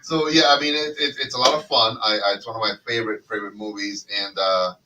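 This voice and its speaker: A man co-hosting a podcast in a loose joking chat, telling animated stories and slipping into silly voices. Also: fairly low pitch, fast talker, distant mic, low-quality recording. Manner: animated storyteller who slips into silly voices. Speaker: podcast co-host.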